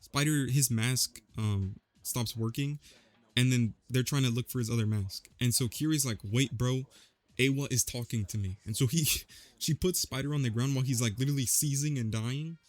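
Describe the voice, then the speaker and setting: A man's voice: mid-range voice, moderate pace, no room sound. A young man casually recapping a movie, rambling with lots of slang and fillers. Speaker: vlogger.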